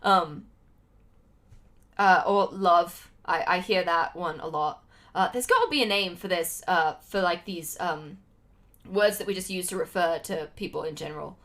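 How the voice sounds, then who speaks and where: A woman's voice: fairly low pitch, moderate pace, a bit bright. A young American woman chatting casually with viewers on a livestream, rambling with lots of fillers. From United States.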